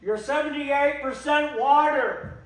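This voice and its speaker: A man giving an impassioned public talk, slow and emphatic, repeating phrases for weight. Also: extremely high pitch. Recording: echoey room, voice from a distance.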